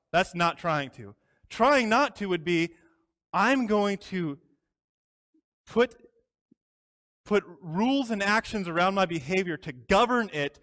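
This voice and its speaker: High-voiced earnest male preacher. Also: a bit bright. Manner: earnest, emphatic, slows down on key phrases. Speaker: pastor. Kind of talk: sermon.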